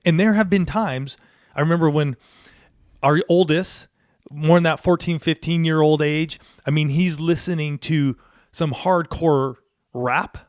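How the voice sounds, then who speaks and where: A man's voice: a little high, no room sound. Earnest middle-aged man co-host, dry sound. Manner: earnest, emphatic, repeats words. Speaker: podcast co-host. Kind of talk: casual chat.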